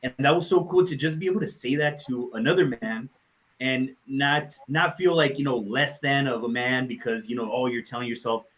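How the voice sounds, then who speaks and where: A man speaking heartfelt words in memory of a friend during a live online session, pausing often and restarting his sentences. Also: medium pitch, fairly bright tone, rough recording. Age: adult, parent of a nine-year-old. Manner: heartfelt, halting with many restarts and fillers. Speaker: tribute speaker.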